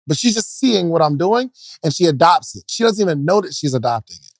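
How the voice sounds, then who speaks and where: Man podcast co-host, animated casual storyteller, slightly high voice, dry studio sound. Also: fast talker, dry recording. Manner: animated, mimics his child playfully.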